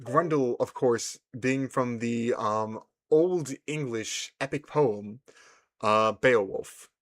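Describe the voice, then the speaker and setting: A man's voice: mid-range voice, takes it slowly, dry recording. A man giving casual, playful commentary while he plays a farming video game. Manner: animated, playful, chatty. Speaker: gaming video host.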